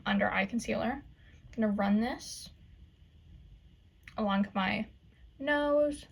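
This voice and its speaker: A woman's voice: a little high, gravelly. A young woman with a Southern US accent chatting casually through a makeup tutorial, full of "like" and "um". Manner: chatty, valley-girl fillers, frequent "like" and "um". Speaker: makeup vlogger.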